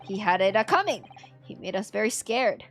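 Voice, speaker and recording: A woman voicing an excitable, food-loving male Italian thug with an exaggerated comic Italian accent and many fillers. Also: medium pitch, moderate pace, faint music behind, natural voice. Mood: boastful.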